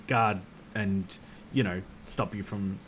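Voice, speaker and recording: Slow, easygoing male game master. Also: fairly low pitch, fairly even intonation, fairly bright tone, slight background noise. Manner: easygoing, laughs often. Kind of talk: running a tabletop game on a live stream.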